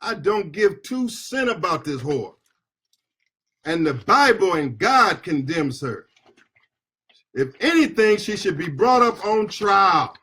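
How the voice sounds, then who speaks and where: A middle-aged American man giving a fiery political speech as an attorney and activist, impassioned and shouting at peaks, with call-and-response chants. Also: high-pitched, sing-song, slow pace, slightly rough. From United States.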